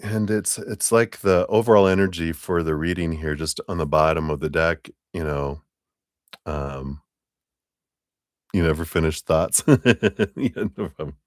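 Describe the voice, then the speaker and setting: A man giving a live-stream tarot reading, chatty and easygoing, chuckling often and clearing his throat between remarks. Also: very deep voice, fairly even intonation, measured pace, no room sound, studio quality. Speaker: tarot reader.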